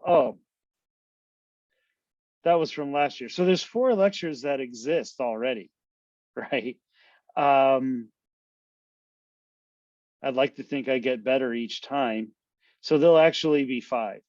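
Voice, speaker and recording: A man's voice: medium pitch, slow pace, long pauses, a little mellow, no room sound, highs cut off. A man lecturing a university class online in a casual, conversational way, often checking in with "right?" to his students. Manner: loose, conversational, full of tag questions.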